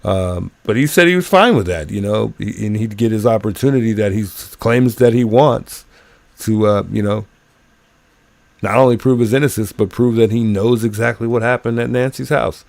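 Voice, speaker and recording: A man's voice: fairly low pitch, moderate pace, creaky, no echo. A man hosting a livestream, commenting casually and thinking aloud with lots of fillers. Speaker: livestream host. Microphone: phone.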